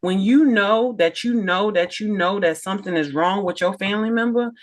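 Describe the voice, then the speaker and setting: Woman, middle-aged, nurse and podcast guest, emphatic, animated storyteller, acts out dialogue, mid-range pitch. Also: moderate pace. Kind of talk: casual storytelling interview.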